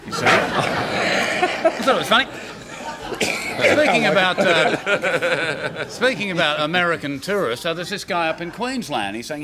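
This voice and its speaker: Lively high-voiced comedian. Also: male voice. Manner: quick, joking, teasing. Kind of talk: telling jokes on live TV. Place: TV studio with live audience. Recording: live TV studio audience, music.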